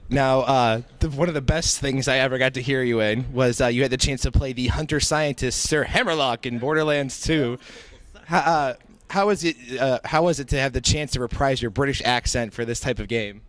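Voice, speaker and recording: A man's voice: medium pitch, fairly quick, a bit bright, no room sound. A man interviewing a guest at a convention, friendly and a little hesitant.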